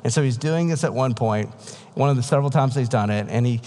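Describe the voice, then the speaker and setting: A man preaches in a relaxed, chatty storytelling style and slips into voices for the people in his story. His voice sits at an ordinary middle pitch. A long reverb trails behind every phrase, as in a large hall. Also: fast. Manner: casual storyteller, acts out quoted voices. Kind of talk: storytelling sermon.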